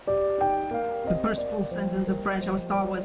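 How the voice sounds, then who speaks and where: A woman chats casually while playing a story game. She rants in a lively, joking way and swears freely. Her voice sits a little distant from the mic, under loud game music. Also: mid-range voice, moderate pace. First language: Portuguese. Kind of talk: casual let's-play chat.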